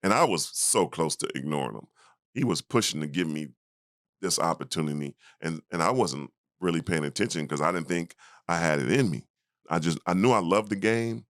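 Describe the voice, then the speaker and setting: At a normal speed, the ex-basketball player, a man in his fifties, narrates a memory in a relaxed interview using an extremely deep voice. Now and then he switches to higher, livelier voices to act out the other people. The sound is dry and close, without room sound.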